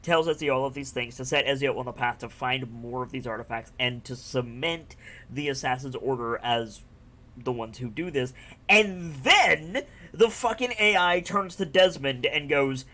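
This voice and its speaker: A man in casual conversation about video games, retelling scenes excitedly, laughing often and swearing casually. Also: mid-range voice, normal speed. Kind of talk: casual gaming chat.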